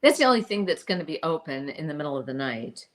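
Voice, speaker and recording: A woman co-hosting a casual podcast chat, teasing and quick to correct and suggest ideas. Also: deep voice, very animated. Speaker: podcast co-host.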